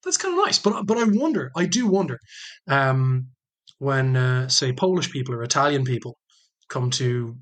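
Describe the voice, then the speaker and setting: A middle-aged Irish man chatting casually as a guest on a podcast, talking in quick bursts with many repeated words. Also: medium pitch, a bit bright. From Ireland. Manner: fast, many stammered word repeats. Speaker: guest military historian.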